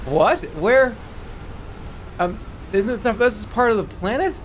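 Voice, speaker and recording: Excitable man streaming a game. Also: sits high, normal speed, slight background noise. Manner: excitable, self-mocking, repeats phrases. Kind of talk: live gameplay commentary. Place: home streaming setup.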